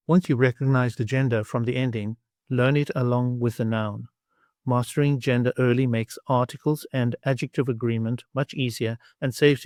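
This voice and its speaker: A man narrating a scripted language lesson in a slow, clear and instructive way. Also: medium pitch, darkish tone, dry recording, studio quality. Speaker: language teacher.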